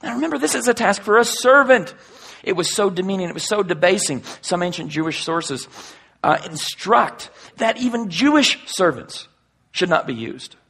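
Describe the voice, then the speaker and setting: Husky guy preaching a sermon, kinda high voice, gets loud then goes real quiet. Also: lively intonation, moderate pace. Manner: dramatic, swings from loud emphasis to hushed whispers. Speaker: pastor.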